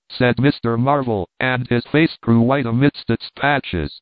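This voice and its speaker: Dude reading an old novel, steady and measured, mid voice, audio dry and tinny like a phone. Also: male voice, mid-range voice, no room sound. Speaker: audiobook reader. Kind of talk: scripted narration of a classic novel.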